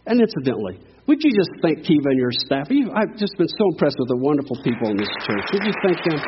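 A middle-aged man preaching a sermon as a guest pastor, telling a story and swinging from hushed lines to loud cries. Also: on the high side, lo-fi sound, a little hiss or hum.

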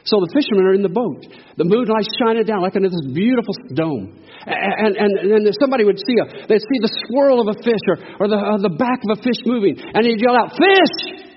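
A man's voice: high voice, quick pace, a little hiss or hum. A man preaching a sermon to a church in a folksy, call-and-response style. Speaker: guest preacher. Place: church sanctuary. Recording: echoey hall, dull lo-fi sound.

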